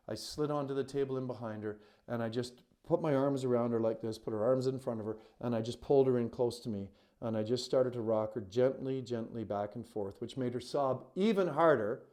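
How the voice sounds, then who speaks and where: Man, coach, heartfelt personal storytelling, earnest, emphatic, medium pitch, filler-heavy. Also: darkish tone. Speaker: coach and retreat facilitator.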